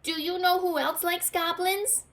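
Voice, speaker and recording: A woman voicing a group of small excited goblins in a storybook, high and loud. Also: measured pace.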